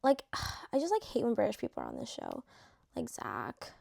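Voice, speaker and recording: A woman's voice: fairly high pitch, wildly swooping pitch, moderate pace, creaky, dark tone. A young woman chatting casually to camera while ranking reality show contestants, full of fillers and slang.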